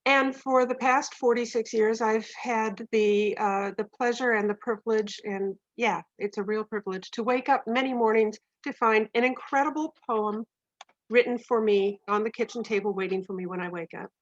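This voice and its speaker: A woman's voice: fairly high pitch, steady tone, moderate pace, no echo. Woman in her 60s, casual co-host, gushing and laughing, dry close sound, dull video-call audio. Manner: warm, gushing, laughs often. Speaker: co-host, poet's wife. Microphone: computer mic on video call.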